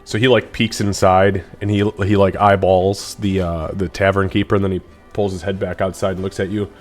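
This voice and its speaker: A man's voice: low-pitched, little pitch movement, brisk. Male game master, casual rambling narration, tabletop game, faint background music. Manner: casual, rambling, many fillers.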